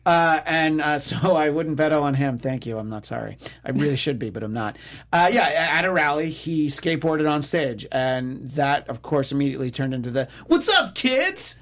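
A man's voice: a little high, fairly quick. Wry, rambling man in political chat. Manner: wry, sarcastic, rambling with many fillers.

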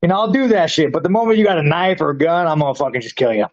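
A man with a somewhat high voice talks in a blunt, crude and boastful way, swearing in nearly every sentence as a guest in a casual chat. The sound is dull and lo-fi. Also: racing. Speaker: interview guest, fighter.

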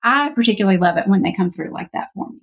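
Chatty mid-pitched woman storyteller. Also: animated, fast talker, vocal fry, a bit bright, breathy edge. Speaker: podcast co-host. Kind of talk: casual podcast chat.

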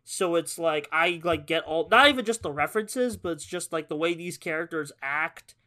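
A man's voice: on the high side, moderate pace, bright, forceful tone. A man guesting on a movie podcast, talking in an easygoing, hesitant way and stumbling over his words. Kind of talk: casual movie review chat.

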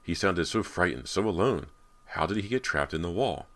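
A man's voice: deep voice, lively intonation, moderate pace, a bit bright, voice pushed up. A male narrator voicing a frightened, questioning teenage boy in a horror audiobook. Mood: worried.

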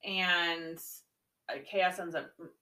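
A woman's voice: on the low side, little pitch movement, slow pace, sharp tone, poor audio. A woman chatting casually about a book, backing up her co-host and swearing freely. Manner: chimes in with frequent agreement, casual swearing.

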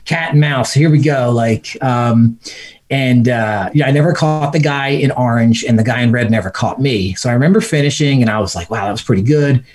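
A man's voice: mid-range voice, fairly quick. A man guesting on a podcast, telling a casual story with lots of fillers, laughing as he goes and acting out what he and others said. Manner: animated, laughs mid-story, acts out his own quotes.

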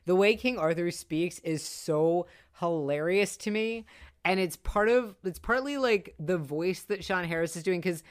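Woman co-host, smooth, slightly low voice, chatty and animated, frequent fillers. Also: measured pace. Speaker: podcast co-host discussing a film. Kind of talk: casual chat.

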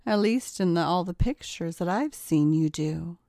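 A woman voicing a smug, domineering woman who taunts and gives orders with a slow, purring delivery. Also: fairly low pitch, animated, mellow, no echo, clean studio sound. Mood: taunting.

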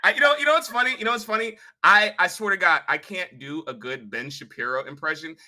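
A man's voice: sits high, quick pace, bright, forceful tone. A man hosting a podcast, chatting casually in a rambling, jokey way with many fillers. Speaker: podcast host. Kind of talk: casual chat.

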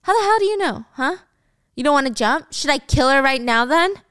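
A woman's voice: high-pitched, brisk, bright, forceful tone, no echo. A taunting, profane teen boy with a knife, snarling threats in a slightly raised, clipped voice, as a woman puts him on while recapping a drama. The sound is close and dry. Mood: menacing. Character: menacing teen boy holding a hostage.

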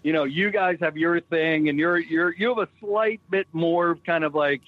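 A man's voice: fairly high pitch, normal speed, narrow, tinny audio. A man from Boston, a guest on a podcast, telling stories animatedly and swearing freely in casual chat. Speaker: guest, show creator.

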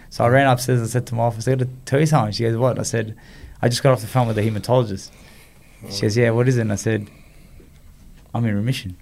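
A man's voice: mid-range voice, steady tone, fast talker, gravelly, darkish tone. A man, telling a personal story in an interview and acting out the quoted dialogue. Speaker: guest, former boxer.

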